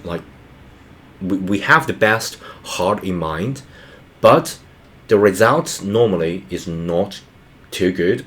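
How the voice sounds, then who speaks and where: Hesitant, earnest man with a low voice. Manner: hesitant, many fillers and restarts; earnest, reflective. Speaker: art channel host and father. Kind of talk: reflective personal monologue.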